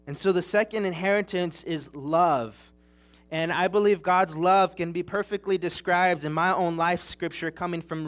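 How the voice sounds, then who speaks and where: A young man delivers a sermon in an earnest, chatty storytelling manner, and his voice sits a little higher than most men's. He is from Southern California. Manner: earnest, conversational storytelling with restarts. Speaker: preacher.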